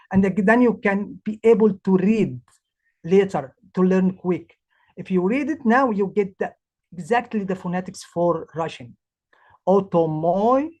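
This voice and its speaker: A woman who is a language teacher, presenting her project in English, halting and restarting as she searches for words. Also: medium pitch, a little mellow. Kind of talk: presentation talk.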